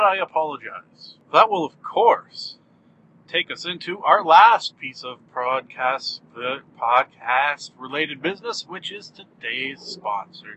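A man's voice: a little high, animated, slow, bright, forceful tone, a little hiss or hum, low-quality recording. A man hosting his own podcast in a rambling, self-mocking, jokey way, recorded in a car while driving. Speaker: podcast host. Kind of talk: casual rambling monologue.

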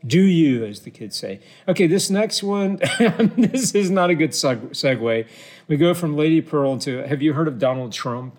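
A man's voice: on the high side, animated, normal speed. A man hosting a casual unscripted interview, playful and self-mocking, often breaking into laughter.

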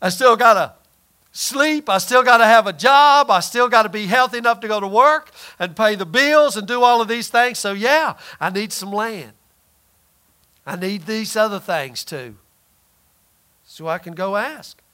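A man's voice: high voice, lively intonation, measured pace, pushed and bright. A man preaching a sermon in a conversational, emphatic way, often acting out quoted voices.

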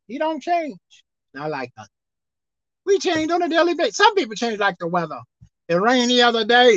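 Woman pastor, high expressive sermon voice, soft to shouting, dull dry recording. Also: brisk, no echo. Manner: preaching with dramatic swings from soft to shouted.

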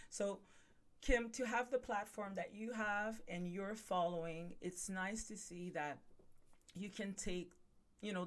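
Chatty low-voiced woman podcaster. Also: a bit bright. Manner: chatty, addresses viewers as guys, many fillers. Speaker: podcast host. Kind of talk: casual chat.

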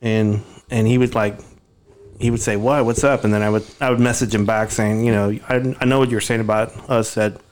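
Guy hosting a podcast, low voice, rambles on tangents and laughs a lot. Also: steady tone, a little fast, darkish tone. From Oak Cliff, Dallas, Texas. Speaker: podcast host. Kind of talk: casual chat, storytelling.

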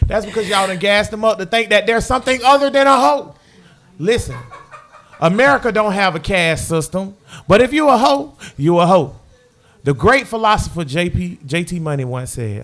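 A man hosting a casual podcast, loud and crude, joking with his co-hosts. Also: high voice, animated, normal speed. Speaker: podcast host.

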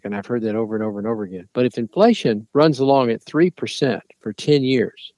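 A man's voice: mid-range voice, a little mellow, no echo. Man explaining markets, dry sound. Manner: measured, explanatory, addresses listeners as folks. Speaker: financial radio host. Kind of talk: market commentary.

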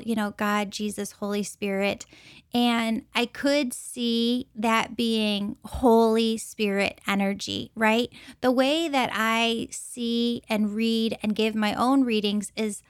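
An earnest woman tells a personal story, taking her time and lingering over each phrase. Her voice sits a little high and she circles back to repeat key words for weight. The sound is close and dry. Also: clean tone, dry recording. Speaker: intuitive reader.

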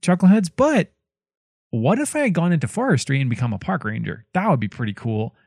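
A male podcast co-host with a playful, lively voice that rises and falls a lot. He steers the chat with questions. The sound is dry and close, with no room in it. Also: a little high, fairly quick, creaky, no echo. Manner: playful, animated, leads the questions.

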